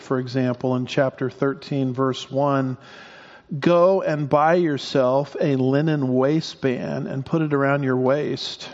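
A man preaching a verse-by-verse sermon as pastor, folksy and joking with his congregation, sometimes stumbling over a word. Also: a little high. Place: church sanctuary. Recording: dull sound with long hall reverb.

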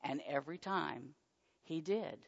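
A woman telling a personal faith testimony in an animated storytelling manner. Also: low voice, a little slow, creaky. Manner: animated storytelling, squealing excited quotes. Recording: dull muffled sound with long hall reverb.

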